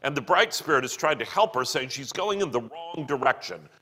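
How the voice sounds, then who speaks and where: A man retelling and explaining a book chapter in an animated way, acting out the quotes. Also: medium pitch, fairly quick. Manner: animated, acts out quoted lines. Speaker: teacher of a literature series. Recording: long hall reverb.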